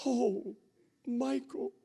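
A man voicing his hurt, tearful wife in a high falsetto, pleading and wounded. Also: very slow, mellow, breathy edge, heavily acted.

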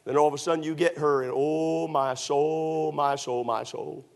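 Middle-aged male pastor, higher-pitched, emphatic storytelling sermon. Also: fairly even intonation, normal speed. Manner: emphatic, storytelling, surges to shouts.

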